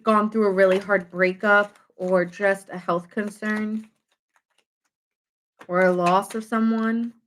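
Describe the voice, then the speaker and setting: Woman, tarot reader, casual chatty delivery, lively and expressive, mid pitch. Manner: chatty and animated, many fillers, acts out quoted reactions with laughs.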